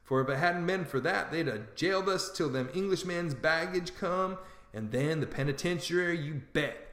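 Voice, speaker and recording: A man voicing a sharp-tongued, scornful male swindler who calls himself a duke, in a storybook reading. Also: a little high, roomy sound. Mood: scolding. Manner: scornful, brisk, sarcastic.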